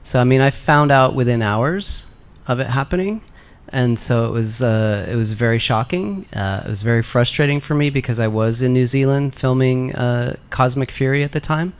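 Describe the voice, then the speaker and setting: A man with a gravelly, creaky voice at middle pitch, answering fan questions on a convention panel. He talks in a relaxed, candid way with plenty of ums and uhs. Now and then his words slip into a soft laugh. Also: normal speed, few pauses.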